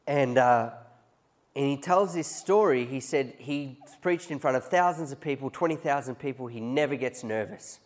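A man's voice: medium pitch, normal speed. A man preaching a conversational sermon, often chuckling as he tells stories to his congregation. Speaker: pastor.

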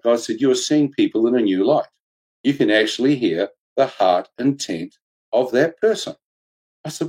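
A man telling a personal testimony in casual, excitable storytelling, laughing often and jumping into high voices when he quotes people. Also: normal speed, husky, low-quality recording. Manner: colloquial slang, "mate", "flippin'".

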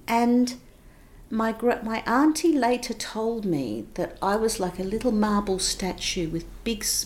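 A woman recounting a painful childhood memory in an interview, moving between hushed passages and raised, intense moments. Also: mid-range voice. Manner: vivid, emotional retelling with shifts between hushed and raised intensity. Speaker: guest recounting her childhood. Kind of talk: personal storytelling.

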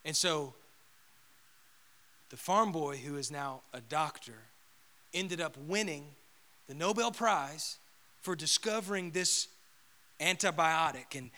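A male pastor preaching a sermon, telling a story and swinging from loud proclamation to a hushed whisper. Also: fairly high pitch.

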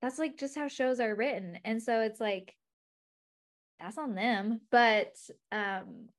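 A woman hosts a relaxed interview in a slightly higher voice. She rambles and chats loosely. Fillers like "like" run through her talk. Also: slow. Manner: chatty, rambling, says "like" a lot. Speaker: podcast host, interviewer. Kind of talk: casual chat.

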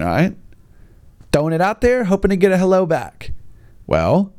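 An exasperated American man, a teacher telling a sarcastic comic rant. His voice sits a little high and swings up and down with lively animation, mocking those he talks about. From United States. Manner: exasperated, sarcastic, acts out voices of kids and parents. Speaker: English teacher. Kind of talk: stand-up style comic rant.

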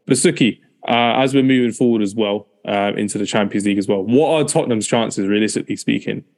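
A man's voice: fairly low pitch, a little mellow. A man hosting a casual football chat, rambling and often repeating himself. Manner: fast, rambling, repeats "as well". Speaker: podcast host.

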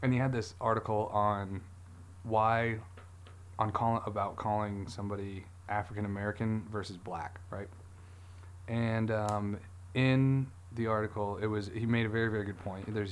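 Halting, rambling male podcast co-host. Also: lowish voice, steady tone, slight background noise. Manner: rambling, halting, many restarts and fillers. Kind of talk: casual podcast chat.

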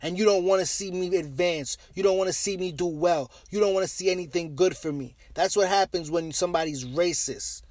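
A man's voice: high voice, a little fast, hardly any pauses, a little mellow, no room sound. A man delivering a heated, profane monologue rant as a commentator, blunt and repeating his phrases.

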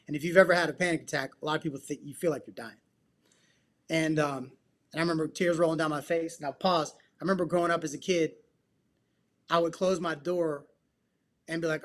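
A man's voice: fairly high pitch, a little fast, a bit bright. A man as a podcast guest, telling a personal testimony in an earnest, emphatic way and dropping casual slang as he goes. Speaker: podcast guest, psychotherapist and men's coach.

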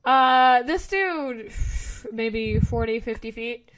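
A woman's voice: fairly high pitch, animated, takes it slowly, a bit bright, clean tone. A young woman running a tabletop game as game master, narrating with frequent fillers and restarts. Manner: hesitant, lots of fillers and restarts.

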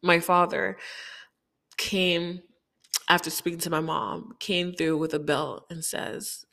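A woman's voice: fairly low pitch, steady tone, slow pace, gravelly, pushed and bright. Frank woman recounting her childhood. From Haiti. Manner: frank, reflective, quotes people in dialogue. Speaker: personal storyteller. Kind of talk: candid personal recollection.

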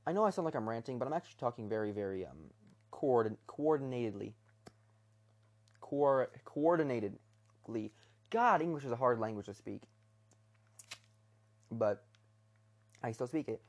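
A young man talks off the cuff from his bed, rambling between topics. He stops and restarts often, hunting for words, and his pitch sits mid-range for a man. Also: big pitch swings, fairly quick, pauses often. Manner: meandering, hesitant, full of restarts and fillers. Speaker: vlogger. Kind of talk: casual rambling rant. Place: bedroom.

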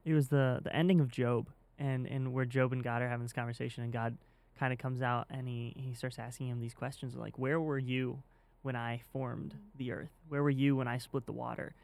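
A man on a faith podcast, speaking reflectively and haltingly, often repeating words as he thinks. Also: mid-range voice, little pitch movement, gravelly, darkish tone. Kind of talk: casual faith podcast chat.

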